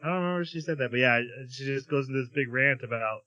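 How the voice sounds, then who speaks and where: A man's voice: medium pitch, racing, few pauses. A man co-hosting a podcast, casually recapping an episode and acting out quoted lines along the way. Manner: animated retelling with quoted lines. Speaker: podcast co-host.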